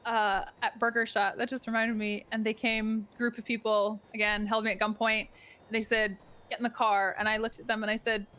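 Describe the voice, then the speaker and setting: A woman's voice: a little high, normal speed. Chatty woman telling stories in role-play. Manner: chatty, animated storyteller. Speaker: role-play player character. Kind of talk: casual in-character role-play chat.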